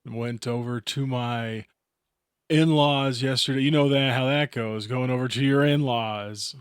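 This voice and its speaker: A man's voice: mid-range voice, steady tone, measured pace, clear, resonant tone, no room sound, clean studio sound. A man co-hosting a podcast, talking in a goofy, playful, casual way. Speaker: podcast co-host. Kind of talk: casual chat.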